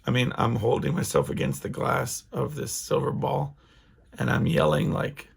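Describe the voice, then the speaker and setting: A man's voice: medium pitch, normal speed, vocal fry, breathy edge. A middle-aged man hosting his own podcast, talking alone in a casual, rambling way with lots of restarts and fillers. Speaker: podcast host. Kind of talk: casual solo monologue.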